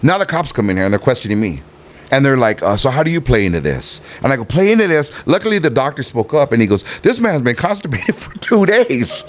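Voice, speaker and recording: A middle-aged man with a Southern California Chicano accent, telling a profane, animated story as a podcast guest and acting out the voices in it. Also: medium pitch, fast talker. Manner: animated, profane, acts out every voice in his stories. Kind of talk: casual storytelling in a podcast interview.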